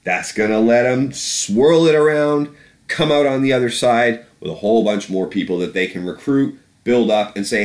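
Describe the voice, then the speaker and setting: A man's voice: fairly low pitch, normal speed. A man ranting about politics on a podcast, profane and sarcastic. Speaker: podcast host. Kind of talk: casual political rant.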